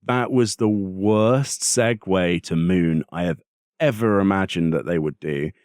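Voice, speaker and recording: Male podcast host, deep voice, dry close sound, lively ranting gamer chat. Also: a little slow, dry recording. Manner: animated, acts out characters in exasperated voices. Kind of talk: casual gaming chat.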